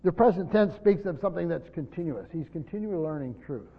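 A man's voice: a little high, expressive, husky. Guy preaching a verse-by-verse sermon, stumbles and repeats words a lot, dull muffled sound, big echoey hall. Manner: halting, repeats words while explaining. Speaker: pastor. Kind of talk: expository sermon. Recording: muffled recording with long hall reverb.

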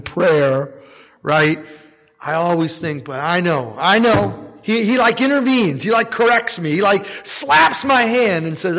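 A man giving a conversational sermon, animated, with frequent rhetorical asides and "right?". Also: high voice, measured pace. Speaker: preacher. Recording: dull sound with long hall reverb.

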